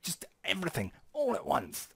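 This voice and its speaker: A man putting on the voice of an overeager man who pushes everything at once, in a high, rushed, squealing tone. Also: wildly swooping pitch, creaky, a bit bright, breathy edge, dry recording, studio quality, exaggerated voice. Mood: pushy excited.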